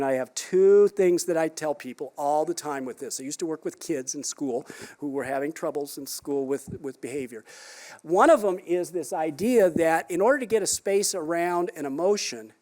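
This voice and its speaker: A man with a somewhat high-pitched voice presents at a conference. He is a psychologist who speaks conversationally, keeps asking the audience rhetorical questions and slips in dry, homespun humor. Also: a little mellow. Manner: wry, down-to-earth humor. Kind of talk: conference talk.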